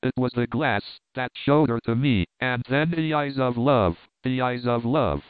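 A man voicing a haunted, agitated middle-aged sea captain who speaks in a hushed, urgent way. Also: mid-range voice, unhurried, clear, resonant tone, dry recording, lightly acted. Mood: hushed, anxious. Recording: narrow phone-like band.

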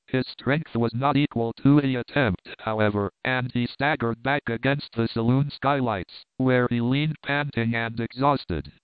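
Man reading a story aloud, calm and measured, dry tinny phone-ish sound. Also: mid-range voice, clean tone, no room sound. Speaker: audiobook narrator. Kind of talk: scripted narration of a classic story. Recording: narrow phone-like band, dry.

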